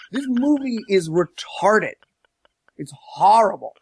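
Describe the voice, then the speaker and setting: A man casually recapping a movie on a podcast, animated and profane, mocking as he tells it. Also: sits high, normal speed, no room sound. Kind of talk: casual chat.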